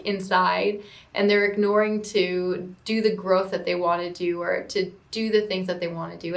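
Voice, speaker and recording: A woman giving a casual, rambling movie recap at home, saying "like" constantly and breaking into excited squeals. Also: mid-range voice, reverberant. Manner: rambling, heavy use of "like", sudden excited squeals. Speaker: movie reviewer. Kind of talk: casual chatty film recap. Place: room at home.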